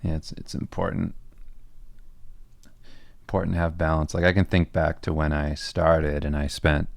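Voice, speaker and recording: The podcast co-host and comic artist keeps a moderate pace, his very low, gravelly voice almost unchanging in pitch as he fields livestream questions about his art. He rambles in a relaxed way with fillers and restarts, and the sound is close and dry with no echo.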